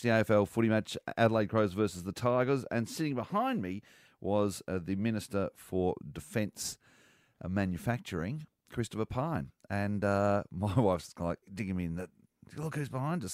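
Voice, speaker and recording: Brief: Australian male radio host, low-ish voice, animated storyteller, dry studio sound. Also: no echo. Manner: animated storyteller, laughs often. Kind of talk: casual radio banter.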